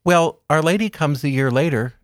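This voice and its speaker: Measured man explaining gently. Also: fairly high pitch, no room sound, clean studio sound. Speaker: guest speaker on religious topics. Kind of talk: calm explanatory interview talk.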